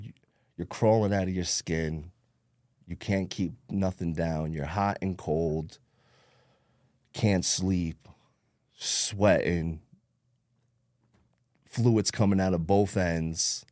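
A man's voice: low-pitched, slow, long pauses, a little mellow, no echo, clean studio sound. A man from New Jersey with a New Jersey accent, telling his story bluntly in a casual interview, swearing freely and acting out what people said. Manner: streetwise, blunt, swears a lot, acts out quotes. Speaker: podcast guest.

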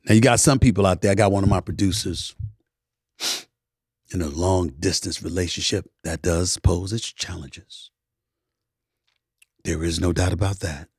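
A middle-aged man hosting an animated talk-show monologue, emphatic and preachy, swinging from loud declarations to hushed asides. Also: deep voice, moderate pace, pauses often, slightly rough, no echo, studio quality. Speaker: sports talk host.

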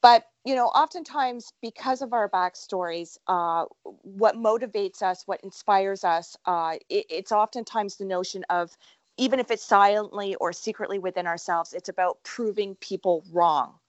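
A woman hosting an interview, warmly affirming her guest and asking long, winding questions. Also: mid-range voice, moderate pace, no room sound, lo-fi sound. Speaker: interviewer host. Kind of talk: interview conversation.

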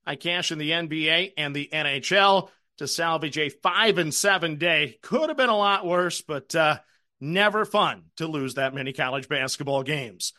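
A middle-aged man with a high, bright voice talks through his betting card in a casual, chatty way. He pokes fun at his own losing streak and keeps the tone conversational. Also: normal speed. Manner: chatty, self-deprecating storyteller. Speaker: sports betting show host. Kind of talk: casual betting recap and picks.

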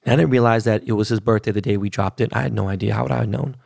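A man's voice: lowish voice, very fast, vocal fry, a little mellow, no room sound, studio quality. A man, hosting a podcast and telling a story in a casual, profane, slangy rant. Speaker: podcast host.

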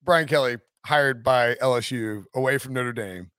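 A man's voice: mid-range voice, moderate pace, a bit bright, clean tone, no room sound, studio quality. A man hosting a sports podcast, chatting casually, joking and laughing often. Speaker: podcast host.

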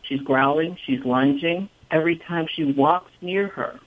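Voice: medium pitch, unhurried. A caller on a radio phone-in, telling a rambling, worried story about a pet. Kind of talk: phone-in call. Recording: tinny phone line.

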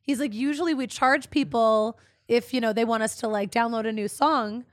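A woman co-hosting a podcast, hoarse from singing, telling stories with a chatty, laughing manner. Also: on the high side, fairly even intonation, moderate pace, no room sound. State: hoarse after karaoke. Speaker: podcast co-host. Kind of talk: casual chat.

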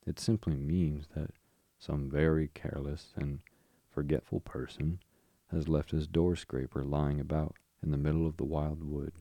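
A put-upon male mole grumbles and complains in a storybook for sleep, read by a man. The voice is very deep, dark and even, close and dry. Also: gravelly, no room sound, exaggerated voice. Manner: complaining and pettish. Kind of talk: bedtime story reading.

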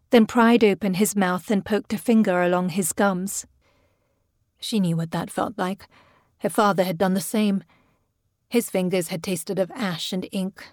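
Woman narrator, audiobook reading, measured, mid pitch, dry close sound. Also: a little mellow, dry recording. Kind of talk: scripted narration.

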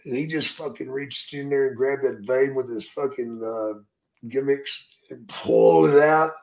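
Older guy spinning rough wrestling stories, cusses a lot, slow drawl. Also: medium pitch, a little mellow. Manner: profane, drawling storyteller. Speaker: podcast guest, retired wrestler. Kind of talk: casual storytelling.

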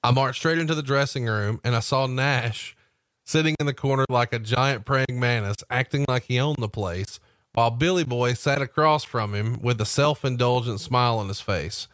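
A podcast host, a man with a mid-range voice, reads memoir passages in a steady, even way and breaks off for wry asides. The sound is close and dry, with no room around it. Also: mid-range voice, moderate pace, no room sound. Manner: steady read-aloud delivery with wry asides. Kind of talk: reading a memoir aloud and asking questions.

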